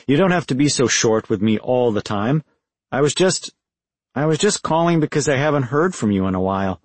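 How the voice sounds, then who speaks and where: A man's voice: medium pitch, animated, brisk, no echo, lightly acted. A man voicing a remorseful middle-aged father calling from prison, talking in an apologetic, pleading way.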